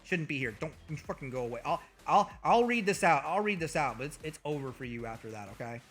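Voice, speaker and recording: A man hosts his livestream with a high, sharp, bright voice that jumps wildly up and down in pitch. He talks casually and rowdily, swearing often and bragging in jest. Soft music hums underneath. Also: fast. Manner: animated, profane, mock-boastful. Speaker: VTuber streamer.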